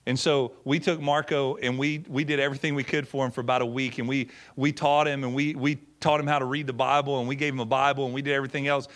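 A man's voice: mid-range voice, level tone, fast talker, hardly any pauses. A middle-aged man, a pastor, telling a story in a sermon in a folksy way, acting out quotes and often repeating words. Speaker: pastor and former missionary.

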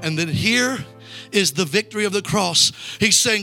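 High, bright-voiced evangelist preaching a sermon. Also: male voice, expressive, normal speed, faint music behind. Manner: call-and-response preaching, urging the crowd to repeat lines. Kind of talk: revival sermon. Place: church sanctuary.

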